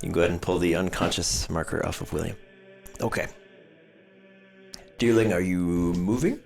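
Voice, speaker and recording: A man serving as game master, calmly calling turns, rolls and hit points for his players. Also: low-pitched, normal speed, gravelly, faint music behind. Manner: relaxed, easygoing, calls turns and rolls. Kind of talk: running a tabletop game at a table.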